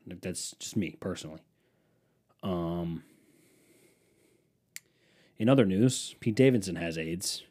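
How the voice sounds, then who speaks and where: A man's voice: low voice, expressive, takes it slowly, pauses often, warm tone. Rambling, swearing young podcast guy. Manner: rambling, profane, self-mocking. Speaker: podcast host. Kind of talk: casual solo podcast chat.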